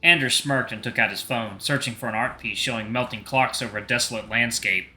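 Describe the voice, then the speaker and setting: A man's voice: medium pitch, brisk, bright, forceful tone, soft background music. A young man reading a visual novel aloud, narrating in the second person.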